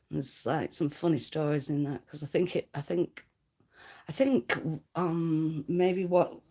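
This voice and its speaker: Gravelly low-voiced Lancashire woman streaming. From Lancashire, England. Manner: rambling, chatty, reads viewer comments aloud, swears casually. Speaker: livestreamer. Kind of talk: casual livestream chat.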